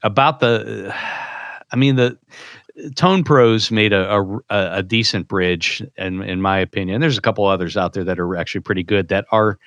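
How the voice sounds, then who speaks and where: Man, podcast co-host, halting, lots of ums, lowish voice, dry sound. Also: a bit bright, no room sound, highs cut off. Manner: halting, full of fillers. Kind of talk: casual chat.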